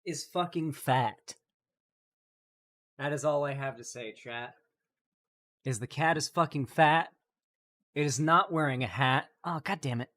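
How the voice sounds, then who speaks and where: A man's voice: a little high, a little slow, long pauses, pushed and bright. Profane sarcastic young male streamer. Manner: profane, sarcastic, joking banter with chat. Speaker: live streamer. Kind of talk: late night stream commentary.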